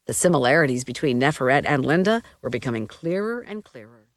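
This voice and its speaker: A woman's voice: a bass voice, animated, fast, no room sound, studio quality. A woman narrating a first-person novel as an audiobook, wry and confiding.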